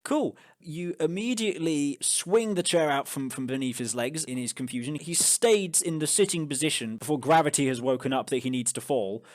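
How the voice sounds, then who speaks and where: A man's voice: on the high side, normal speed, hardly any pauses. A man narrating a tabletop game as game master, casual and loose, with filler words.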